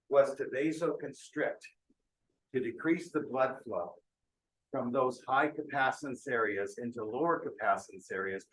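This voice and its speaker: A man giving a keynote medical lecture, explaining step by step and often checking that the audience follows. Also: medium pitch. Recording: echoey lecture hall.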